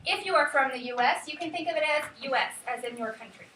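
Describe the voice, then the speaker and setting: A woman's voice: sits high, quick pace, bright, forceful tone, slight background noise. A woman teaching a class, sometimes calling words out in a sing-song way to show syllable stress. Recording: echoey classroom, mic far off.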